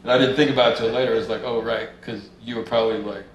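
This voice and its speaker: A man's voice: medium pitch, steady tone, fast, very noisy. A man telling stories in a casual interview, laid back, swearing freely and acting out what people said. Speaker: interview guest, musician. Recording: roomy room sound, faint ambience.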